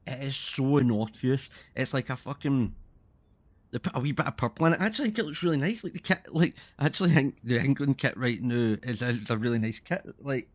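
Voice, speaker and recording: A man's voice: medium pitch, gravelly. A man from Scotland with a Scottish accent, ranting in a casual, heated and sweary way as he streams a game. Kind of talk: casual ranting commentary while playing.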